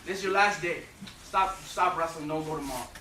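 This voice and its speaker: A blunt, mocking Irish mother fires loud, rapid questions at her son, as a man with an Irish accent puts her on in a raised voice. The sound is distant and echoey, with a noisy room behind it. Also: a little high. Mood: mocking scold.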